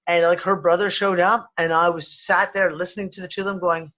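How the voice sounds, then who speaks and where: A man's voice: high voice, level tone, a little fast, pushed and bright, muffled recording. A man with a West Midlands English accent, co-hosting a casual chat, rambling and swearing freely with many restarts. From England. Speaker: podcast co-host.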